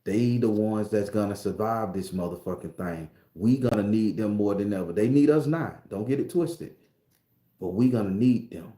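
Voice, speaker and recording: With a fairly low voice, dark tone and moderate pace, a male tarot-reading vlogger holds forth to his audience. His rant wanders, swears and preaches, with a roomy echo in the background.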